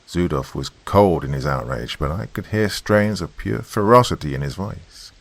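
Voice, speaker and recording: A man's voice: extremely low pitch, animated, normal speed, creaky, few pauses, no room sound. A man narrating a first-person horror story as a podcast host, with tense, dramatic storytelling.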